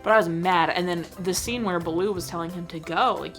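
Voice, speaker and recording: A young woman hosting a film review channel, chatting casually and excitedly, with lots of fillers. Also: fairly low pitch, fairly quick, few pauses, over music. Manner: animated, gushing, filler-heavy with frequent "like". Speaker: host reviewing films. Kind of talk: casual chat.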